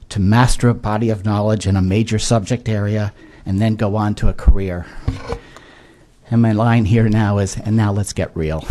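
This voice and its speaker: A man in his sixties, a disability education expert, testifying to legislators in a measured, earnest way with frequent filler words. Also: lowish voice, darkish tone. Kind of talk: formal testimony. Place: legislative hearing room.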